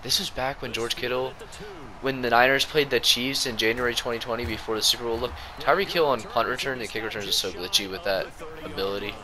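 Excitable young man with a sore throat. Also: mid-range voice, fast talker, crowd noise. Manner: excitable, slangy, jumps between play-by-play and rants. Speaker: gaming YouTuber. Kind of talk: gameplay commentary.

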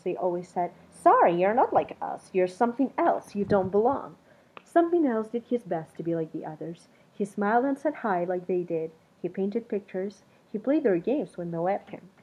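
A woman reading a children's storybook aloud in an expressive, storytelling manner. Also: medium pitch, breathy edge. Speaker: narrator. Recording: dull muffled recording.

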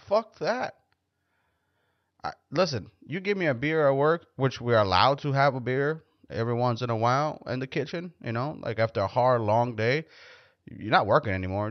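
A man's voice: mid-range voice, dry recording. Blunt, foul-mouthed man rambling. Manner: profane, blunt, joking. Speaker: podcast host. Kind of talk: casual rambling monologue. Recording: dull, dry lo-fi recording.

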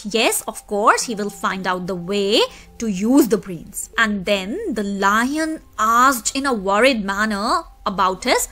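A woman's voice: fairly high pitch, bright, forceful tone. A woman teacher patiently explaining a story, its words and meanings to her students. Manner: patient explaining, addressing kids.

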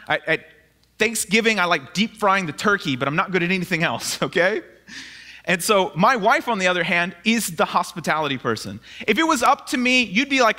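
A male pastor giving a conversational sermon in a church, animated and telling personal stories with asides. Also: high-pitched. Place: church sanctuary, live sermon.

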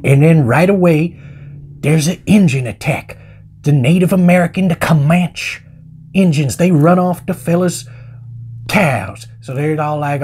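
A man's voice: a little high, unhurried, darkish tone, husky. A man giving a casual movie review in rambling, slangy, joking talk. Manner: rambling, slangy, jokey vernacular.

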